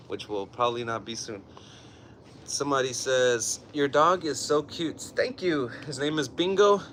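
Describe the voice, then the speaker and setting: A man's voice: medium pitch, fairly bright tone, a little hiss or hum. A man with a Southern Californian accent hosting a casual live-stream workout from home, chatting with viewers and telling off his puppy between sets. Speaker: fitness livestream host. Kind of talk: casual live-stream chat while exercising.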